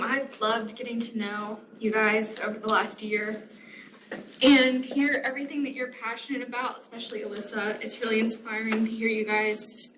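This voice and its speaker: A young woman giving short, hesitant thanks to her student government peers. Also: on the high side. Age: young adult. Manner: warm, hesitant with fillers. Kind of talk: farewell remarks. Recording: noisy room recording.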